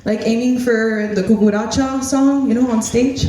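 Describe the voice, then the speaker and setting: A woman in her thirties from the Miami area gives an earnest tribute speech to a former teacher, fighting back tears and laughing nervously. Her voice is slightly high. It echoes heavily around a big hall, picked up from far off the mic. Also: fairly even intonation, moderate pace, mellow. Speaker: former student giving a speech. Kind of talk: emotional tribute speech, partly read. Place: hotel banquet hall.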